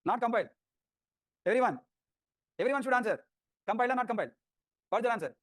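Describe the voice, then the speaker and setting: A male teacher with a high, quick voice fires repeated questions at his class and teases them. The sound is dry and close. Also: animated, no room sound. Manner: drilling questions, repetitive, teasing students. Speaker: programming teacher.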